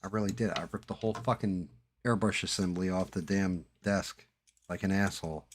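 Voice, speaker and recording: Deep-voiced man cursing on a live stream. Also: steady tone, fairly quick. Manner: profane, mutters to himself while working. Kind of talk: casual chat while painting. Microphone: headset.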